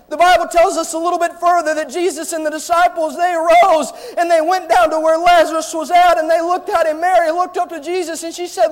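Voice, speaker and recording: A man preaches with passion and raises his voice to a shout, calling out to his listeners as friend. His voice sits very high and stays on a narrow, flat line. The sound rings with long reverb, as in a large church hall. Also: normal speed. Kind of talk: fiery revival sermon.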